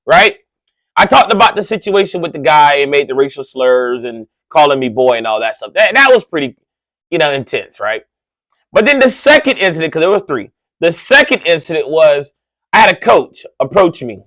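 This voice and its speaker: A man who hosts a radio show, telling a story in an animated monologue, slangy and excitable, often tossing in "right?" asides and getting loud and high when worked up. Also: moderate pace, dry recording. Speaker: radio host.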